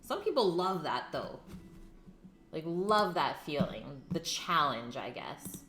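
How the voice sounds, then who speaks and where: A young woman speaks slowly in a low, very animated, fairly bright voice. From her home kitchen she hosts a casual cooking live stream, chatty with viewers, reading their names out, and talking as she eats, amid echo and faint music.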